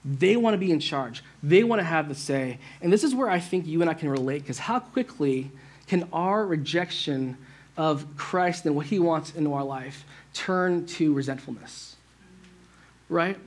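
Speaking with a fairly high voice, a male pastor gives a sermon in a conversational, animated manner at a slightly slow pace. He frequently checks in with his listeners, addressing them directly and asking the church "right?"

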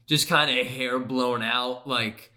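A man's voice: medium pitch, fairly even intonation, slow pace, pushed and bright. A man co-hosting a podcast, bantering and teasing his friend in casual chat. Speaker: podcast co-host.

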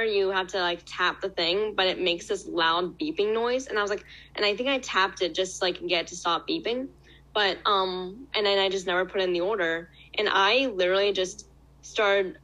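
A woman's voice: mid-range voice, fairly bright tone, rough recording. Young woman telling a work story, laughs as she talks, casual chat. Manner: storytelling, laughs through her words. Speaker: former restaurant hostess.

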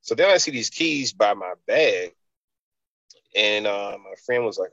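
A man's voice: lowish voice, expressive, unhurried, fairly bright tone, no echo, lo-fi sound. A man, a fitness entrepreneur, telling a long personal story in an interview, loose and rambling with many fillers.

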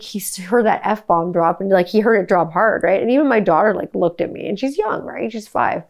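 Speaking at a moderate pace in a medium pitch, a forty-something podcast host recounts a family tale. The delivery is lively and profane, wandering all over, with "like" and other fillers everywhere.

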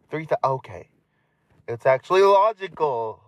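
A man's voice: a little high, big pitch swings, moderate pace, dry recording. A man hosting a casual podcast, reading entries aloud with frequent stumbles, restarts and chatty asides. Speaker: podcast host.

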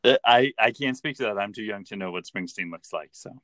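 A man's voice: fairly low pitch, fairly quick, fairly bright tone, dry recording. A man hosting a podcast, chatting casually with wry, playful, mock-serious humor. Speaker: podcast host. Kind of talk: casual chat recapping a TV episode.

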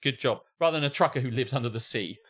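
A slightly rough, mid-range male voice speaks fast as its owner, a comedy podcast co-host, reads an online post and riffs on it. He gets animated, laughs, swears and slips into mock voices.

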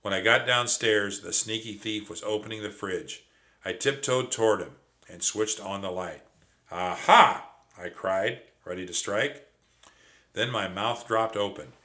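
Storybook narrator, male, low-ish bright voice, animated delivery. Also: measured pace. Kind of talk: storybook read-aloud.

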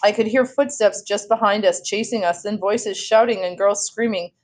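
A woman reading a children's novel aloud in a steady storytelling voice, now and then correcting herself. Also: mid-range voice, moderate pace. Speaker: read-aloud host.

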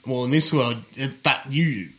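A man's voice: mid-range voice, bright, forceful tone. Man, podcast co-host, chatty and teasing. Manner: chatty, teasing, quick to laugh. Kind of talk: casual chat.

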